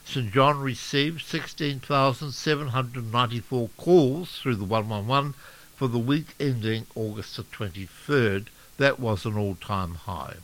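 A man's voice: mid-range voice, rough recording. New Zealand man reading radio news. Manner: steady, measured reading with occasional slips. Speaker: radio newsreader. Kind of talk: local radio news bulletin.

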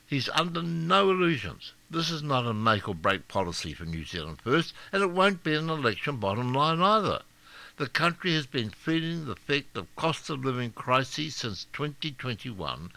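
A man's voice: mid-range voice, gravelly, sharp tone, no room sound. An older man from Scotland hosting a talk show, giving blunt, mocking opinion commentary. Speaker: radio talk host.

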